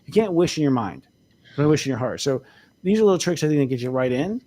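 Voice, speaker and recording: A man's voice: mid-range voice, sing-song, quick pace, dark tone. A man co-hosting a casual spiritual talk show, speaking candidly as an astrologer and laughing often. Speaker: co-host, astrologer.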